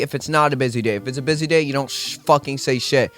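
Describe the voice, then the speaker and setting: Brief: young male store worker, sarcastic profane rant to camera, slightly higher voice. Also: fast talker. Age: young adult. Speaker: grocery store worker venting.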